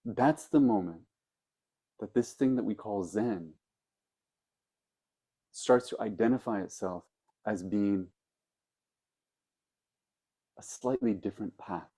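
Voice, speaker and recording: A Zen teacher with a low, mellow male voice gives a dharma talk. He tells old stories slowly and reflectively, pausing to let points sink in. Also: slightly rough. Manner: reflective storytelling with pauses.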